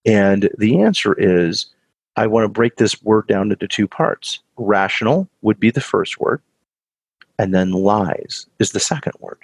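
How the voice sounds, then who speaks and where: A man's voice: fairly low pitch, animated, unhurried, husky, no room sound, low-quality recording. A man giving an earnest motivational talk to an audience he calls guys, repeating phrases for emphasis. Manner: earnest, repetitive, addresses listeners as guys.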